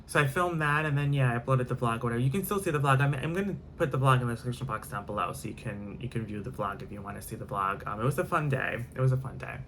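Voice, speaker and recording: A man's voice: mid-range voice, expressive, fast talker, hardly any pauses, fairly bright tone, slight background noise. A man telling a storytime vlog in a rambling way, full of fillers and repetition, with casual swearing. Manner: rambling, filler-heavy, repeats himself, swears. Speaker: vlogger.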